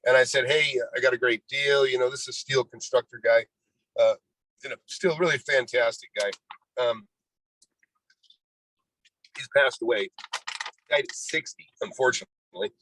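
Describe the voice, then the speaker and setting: Speaking at a moderate pace with long pauses, this man has a mid-range, fairly bright voice, recorded at low quality with slight background noise. He's a real estate investor in his sixties who, as an interview guest, rambles through his life story, says "you know" often, and acts out what people told him.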